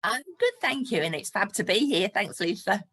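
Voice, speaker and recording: A woman's voice: medium pitch, animated, moderate pace, a bit bright, breathy edge. A woman in her sixties, a guest on a podcast interview, talking in a chatty and frank way and laughing between points. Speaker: guest, property investor.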